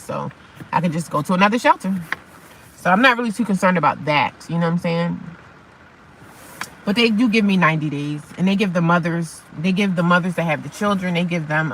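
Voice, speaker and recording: A woman's voice: on the low side, a bit bright, a little hiss or hum, poor audio. Chatty woman vlogging from her parked car. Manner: chatty, repeats herself, calls viewers honey and baby. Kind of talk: casual chat to camera. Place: parked car outside a store, rain.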